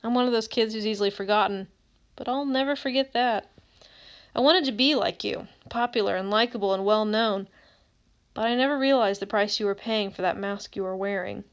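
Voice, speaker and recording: A woman reading as a quiet, overlooked teenage boy who speaks in a reflective, wistful way, in an audiobook. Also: medium pitch, a little fast, close to an everyday voice.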